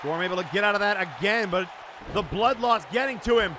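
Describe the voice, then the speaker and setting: A man calling a wrestling match play by play, often breaking into excited shouts. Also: sits high, fairly quick. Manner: excitable, shouting during big moments. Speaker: wrestling commentator. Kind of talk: play-by-play commentary. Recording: crowd and loud background noise.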